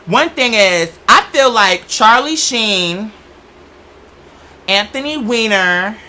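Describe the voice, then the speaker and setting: Sassy, campy man with a bright voice. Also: high voice, lively intonation, takes it slowly. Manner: sassy, campy, profane, chatty. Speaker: show host. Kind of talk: casual comedic monologue.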